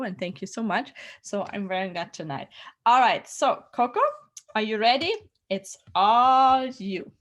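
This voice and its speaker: A woman hosting a live online event, talking in a chatty, upbeat way with many fillers. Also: mid-range voice. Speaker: host. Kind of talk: casual livestream chat.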